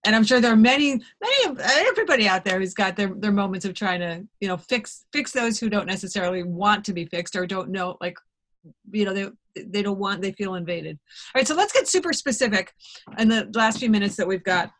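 A woman's voice: mid-range voice, lively intonation, a little fast, a bit bright. Chatty woman hosting a podcast. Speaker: podcast host. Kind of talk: casual podcast interview.

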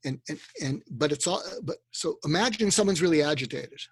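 Husky-voiced man explaining with earnest restarts. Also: on the high side, expressive, a little fast, no echo. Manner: earnest, with many restarts and acted-out quoted lines. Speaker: guest expert on communication. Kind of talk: podcast interview, explaining advice.

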